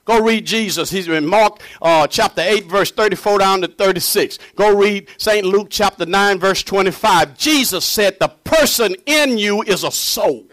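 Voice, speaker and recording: A man preaching a fervent sermon, swinging between booming shouts and low, hushed passages. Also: normal speed, few pauses.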